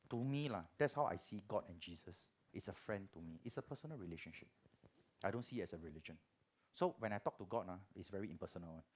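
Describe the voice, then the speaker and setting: A middle-aged Singaporean man with a Singaporean accent, giving a church testimony in chatty Singlish that swings from hushed to loud. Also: medium pitch. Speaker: guest preacher.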